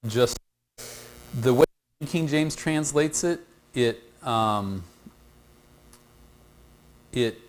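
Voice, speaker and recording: In a halting, repetitive manner, a man teaches a Bible study group, eliciting answers from the class as he moves through a passage. His voice is mid-range.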